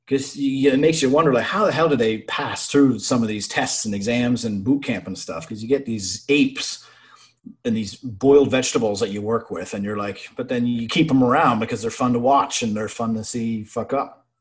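A young man telling profane, animated stories from his naval service in casual chat. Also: mid-range voice, normal speed.

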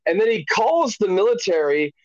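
Rambling swearing man, lively pitch. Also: normal speed, no echo, dull audio. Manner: rambling retelling, swearing, playful voices. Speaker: podcast co-host. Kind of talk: casual chat.

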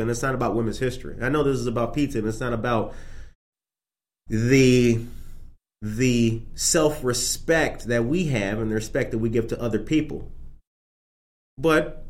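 A man hosting a casual morning podcast, chatting animatedly straight to his live viewers. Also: mid-range voice. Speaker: podcast host. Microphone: streamed on camera.

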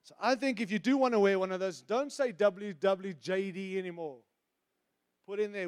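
A middle-aged man preaching a sermon, animated and teasing, moving between loud emphasis and hushed asides. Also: high voice, normal speed. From outside the United States.

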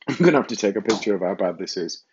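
A man's voice: lowish voice, expressive, a little fast, a little mellow, highs cut off, slight background noise. A middle-aged man hosting a rambling solo podcast from his kitchen, self-mocking and casually swearing. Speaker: podcast host. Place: home kitchen.

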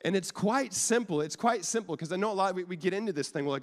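A man's voice: high voice, lively intonation, fast, few pauses. A man in his thirties, a pastor giving a casual, joking sermon to a church, often restarting his sentences. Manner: conversational, jokey, repeats and restarts often. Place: church sanctuary. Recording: long hall reverb.

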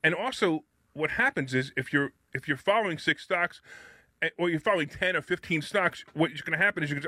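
A man co-hosting a live radio show, telling stories in a casual, animated way and laughing often. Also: a little high, fairly quick, no room sound. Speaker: radio show co-host and broker.

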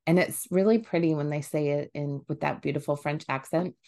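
Animated lowish-voiced woman podcast host. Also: a little fast. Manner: animated, thinks aloud with fillers and restarts. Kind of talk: casual conversational podcast.

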